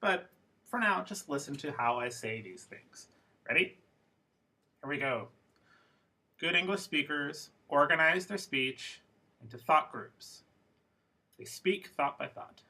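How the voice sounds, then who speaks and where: A man teaching a pronunciation lesson at an unhurried pace, spelling out each example phrase with care. His voice is bright and forceful, with a husky edge. He sounds like he is demonstrating to a class. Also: medium pitch, animated. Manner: slow, careful, demonstrative delivery with model phrases. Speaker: English teacher.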